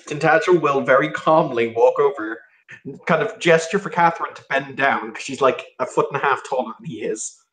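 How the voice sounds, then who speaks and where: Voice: medium pitch, fairly quick, a bit bright, low-quality recording. A player in a tabletop game, describing their character's actions in a matter-of-fact way. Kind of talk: casual play narration.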